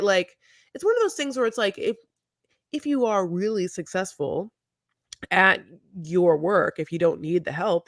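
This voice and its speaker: A woman's voice: lowish voice, dry recording, studio quality. A woman in her forties co-hosting a podcast, chatting casually in a rambling, digressive way with frequent swearing. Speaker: podcast co-host. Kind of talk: casual chat.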